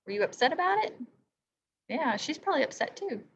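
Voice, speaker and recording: A woman's voice: high voice, a little fast, a little hiss or hum. A woman teacher reading a story aloud to children, stopping to ask them questions. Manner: lively, asks the listener questions.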